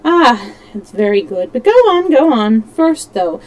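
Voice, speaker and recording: A woman voicing an excitable, tipsy male French manservant who speaks indignantly and with emphasis. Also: on the high side, a little slow, poor audio. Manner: indignant, exclaiming.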